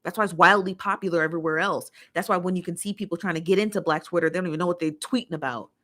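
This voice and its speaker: A woman's voice: fairly low pitch, steady tone, very fast, a bit bright. An American woman hosting a casual livestream, reading viewer comments aloud and ranting in an exasperated, opinionated way, repeating herself for emphasis. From United States. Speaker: livestream host.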